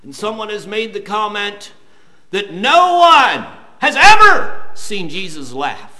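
A man preaching a sermon, reading scripture slowly and building to loud, emphatic points. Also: high-pitched, wildly swooping pitch. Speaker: pastor.

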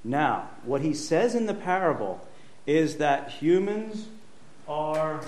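A pastor giving a conversational sermon with emphatic repetition, speaking in a church. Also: male voice, a little high, sing-song, slow, a little mellow, slight background noise. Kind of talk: sermon teaching.

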